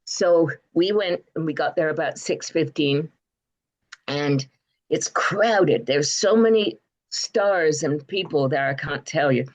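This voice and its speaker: Older English woman with a low voice. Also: slow pace. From Bristol, England. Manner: rambling, hesitant, warm anecdotes with many fillers. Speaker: guest. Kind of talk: interview storytelling.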